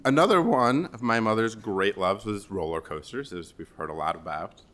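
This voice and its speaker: Man, 40s, from Chicago area; slightly low voice; gently humorous funeral eulogy. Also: lively intonation, moderate pace. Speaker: son giving a eulogy. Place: funeral service.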